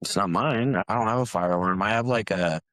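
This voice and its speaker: A man's voice: lowish voice, fairly quick, a bit bright, no room sound. A man, a player at a tabletop game, chatting casually in a dry, teasing way.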